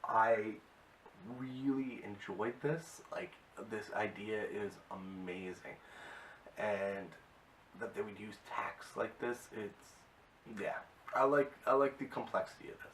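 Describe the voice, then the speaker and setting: A man's voice: fairly low pitch, slow pace. A man casually recapping and reviewing a TV episode, rambling with many fillers and open enthusiasm. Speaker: video reviewer. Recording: distant mic with faint hiss.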